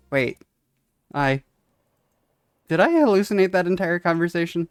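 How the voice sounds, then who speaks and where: A man on a dry, close mic plays through a story game, reading each character's lines aloud in a somewhat high voice and laughing now and then, with faint game music behind him. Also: animated, moderate pace, long pauses, clean tone, no echo. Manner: reads game text aloud, chuckles often. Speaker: let's-play streamer. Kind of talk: casual gameplay commentary, reading dialogue aloud.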